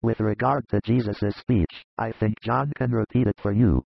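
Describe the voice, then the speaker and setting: A man reading a gravelly fatherly old disciple. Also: on the low side, fairly even intonation, normal speed, no room sound, lo-fi sound, heavily acted. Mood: earnest. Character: older male disciple, fatherly and earnest. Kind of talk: audiobook dramatized reading.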